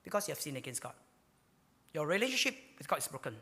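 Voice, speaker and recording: A man preaching a sermon, swinging between loud emphatic lines and hushed ones. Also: fairly high pitch, sing-song, fast. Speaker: pastor. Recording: hall reverb.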